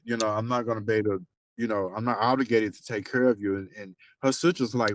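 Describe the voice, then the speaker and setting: A man's voice: lowish voice, a little fast, no room sound. Profane man gossiping on the phone. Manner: animated storyteller, profane, lively slangy talk. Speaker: best friend on a phone call. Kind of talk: casual gossip on a phone call. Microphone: phone call.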